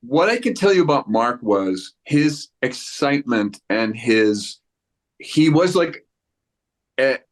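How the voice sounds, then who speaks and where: A man's voice: mid-range voice, very animated, slow. A man in his sixties, an actor giving a press interview, who rambles with many restarts and acts out quoted voices. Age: 60s. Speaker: actor guest.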